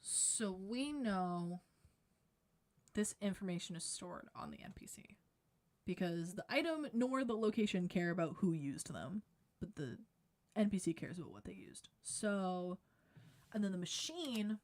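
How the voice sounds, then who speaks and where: A woman streaming game design work at her computer, thinking aloud and trailing off into quiet mutters at a desk microphone, with keyboard typing behind her. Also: medium pitch, expressive, unhurried, no echo. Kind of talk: live-streamed coding and design talk. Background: keyboard typing and clicks.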